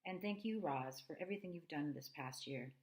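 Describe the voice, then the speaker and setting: A woman voicing a kindly middle-aged male farmer and father in a storybook reading, in a bright, raised delivery. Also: deep voice, lively intonation, brisk. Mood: cheerful.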